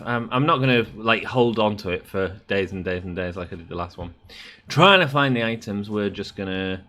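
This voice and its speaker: This gaming YouTuber offers casual commentary over the game he's playing, thinking aloud and rambling with plenty of fillers. His voice is medium in pitch, bright and forceful.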